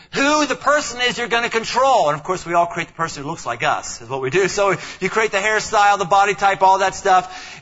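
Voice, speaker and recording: A man preaching a sermon as pastor, animated, acting out quoted voices, often repeating words as he goes. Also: high voice, lo-fi sound.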